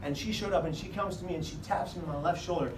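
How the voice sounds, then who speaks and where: A man with a high voice tells a funny personal story to a live crowd, acting out the people in it with big swings in loudness. The sound is roomy and echoey, with the mic set some way off and a clear hum of background noise underneath. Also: fast, distant mic. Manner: animated comic storyteller, shouts voices of others. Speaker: speaker. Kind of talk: storytelling talk to an audience.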